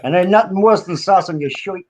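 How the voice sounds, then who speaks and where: A man's voice: sits high, a little fast, a little hiss or hum, natural voice. A man voicing a cocky male New York mob wise guy with a put-on New York accent, tough and boastful. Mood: fussy. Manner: tough, boastful, threatening in jest.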